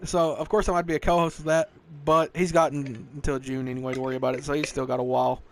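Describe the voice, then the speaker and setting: A man in his twenties with a thick Southern US accent hosts a casual podcast. He rambles and swears freely, tossing in "bro" and "dog" constantly. His voice runs a bit high for a man. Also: level tone, fast talker, slight background noise. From American South. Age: 20s. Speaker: podcast host. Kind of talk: casual chat.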